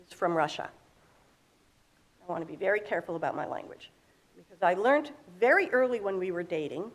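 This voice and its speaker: A middle-aged woman giving a sermon in an earnest, explaining way, asking rhetorical questions. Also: mid-range voice. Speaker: speaker at a congregation.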